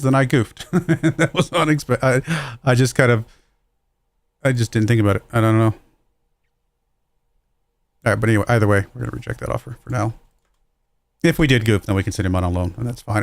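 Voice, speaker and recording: A man's voice: mid-range voice, creaky, no echo. A man casually commenting while he plays a football management game on a livestream, thinking aloud and chuckling at his own slips. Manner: musing aloud, self-deprecating, chuckles at own mistakes.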